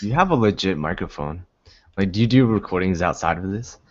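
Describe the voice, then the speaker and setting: A man's voice: deep voice, expressive, fairly quick, darkish tone. A man chatting casually and earnestly on a livestream, hesitant and filling his talk with "like". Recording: dull with clear background noise.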